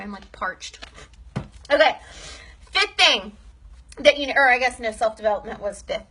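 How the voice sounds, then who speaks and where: A woman's voice: on the high side, pushed and bright, slight background noise. A young woman giving a casual training talk to her sales team, upbeat and chatty, often checking in with "okay?".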